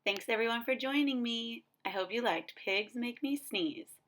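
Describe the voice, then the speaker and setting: A woman hosting a children's read-aloud, talking warmly and directly to kids. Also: fairly high pitch, lively intonation, moderate pace, a little hiss or hum. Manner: friendly, addresses kids directly. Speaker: children's story reader.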